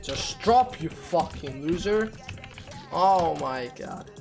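A woman's voice: deep voice, animated, slow pace, creaky, music in the background. A woman giving live gameplay commentary, talking to herself, getting frustrated and swearing often. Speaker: gamer.

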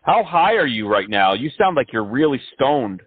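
A man's voice: mid-range voice, very animated, normal speed, breathy edge, no room sound. A man making a prank phone call, sarcastic and mocking as he talks. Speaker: prank caller. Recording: tinny phone line.

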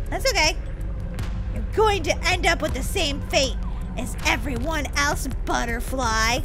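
A woman's voice: high voice, expressive, normal speed. A woman playing a game as the villain, chatting playfully, giggling and teasing in a mock-evil way. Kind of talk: playful let's-play chatter. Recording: game music underneath.

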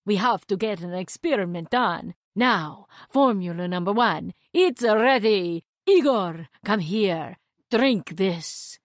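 A woman voicing a frantic, excitable male mad scientist in a children's storybook reading, exclaiming loudly. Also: slow pace, no echo, studio quality. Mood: excited, manic. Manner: loud, exclaiming, with big leaps in pitch.

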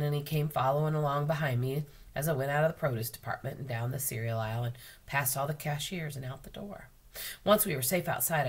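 An American school librarian reads a children's novel aloud to her students. Her voice sits low and a little breathy. She tells the story with expressive emphasis. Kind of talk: children's book read-aloud.

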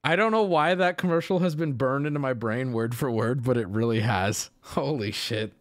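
A man hosting a stream, casually riffing and joking about clips with sudden loud outbursts. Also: mid-range voice, moderate pace, background noise. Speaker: streamer host.

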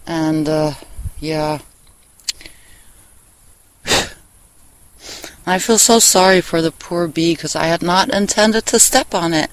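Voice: medium pitch, takes it slowly, pauses often, no room sound, poor audio. Rambling, candid vlogger who swears freely. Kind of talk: casual personal vlog chat. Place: outdoors in a meadow, sitting on a wooden bench.

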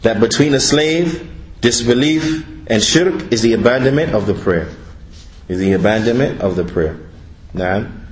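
A man interpreting a religious lecture, speaking deliberately and repeating each point. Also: medium pitch, roomy sound, rough recording.

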